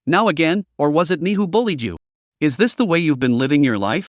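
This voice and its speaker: A man's voice: fairly high pitch, expressive, a little fast, dry recording, clean studio sound, close to an everyday voice. A man voicing a blunt, cool-headed young woman who questions others sharply. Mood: cold.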